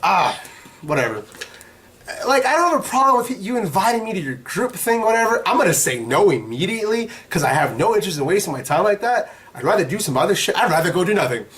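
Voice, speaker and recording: A man's voice: high voice, fast talker. Profane, rambling young male vlogger. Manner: profane, rambling, animated retelling. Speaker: vlog host. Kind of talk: casual storytelling.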